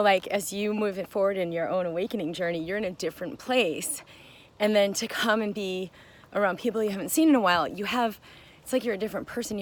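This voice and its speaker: A middle-aged woman talks in a loose, reflective monologue, circling back with fillers and little restarts. Her voice sits at an ordinary middle pitch. A faint noise floor runs underneath. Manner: conversational, many fillers and restarts; acts out quoted voices with animated emphasis. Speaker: mind-body wellness teacher.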